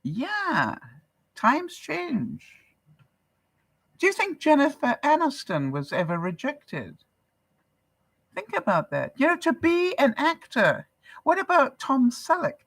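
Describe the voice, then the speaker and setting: A woman's voice: high voice, wildly swooping pitch, slow, creaky, fairly bright tone, dry recording. An older woman from Canada, a vlogger chatting casually with her viewers, laughing often and asking rhetorical questions. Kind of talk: casual livestream chat.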